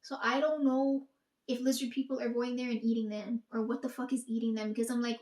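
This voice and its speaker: A woman's voice: fairly high pitch, level tone, fast talker, a little mellow, reverberant. A young woman rambling to her audience in a casual monologue, swearing often and talking emphatically.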